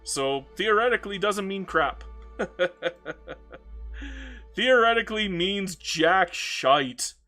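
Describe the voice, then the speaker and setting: A man's voice: high-pitched, lively intonation, slow, long pauses, sharp tone, faint music behind. A man streaming a strategy game, chatting casually and ranting with frequent laughs and stammered restarts. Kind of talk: casual chat while gaming.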